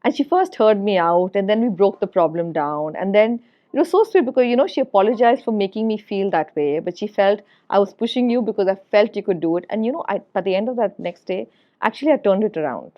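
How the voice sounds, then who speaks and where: A woman's voice: medium pitch, expressive, brisk. Earnest woman telling stories, lo-fi. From India. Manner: earnest, repeats words for emphasis, frequent "you know". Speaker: guest, HR executive. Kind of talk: reflective podcast storytelling. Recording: dull lo-fi podcast audio.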